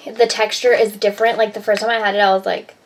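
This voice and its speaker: A woman talks casually as she cooks in her home kitchen. She rambles from one thought to the next and fills her speech with "like" and "um". She has a relaxed, everyday vlogging manner. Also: medium pitch, fast, rough recording. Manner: chatty, rambling, heavy use of "like" and "um". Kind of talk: casual vlog chat.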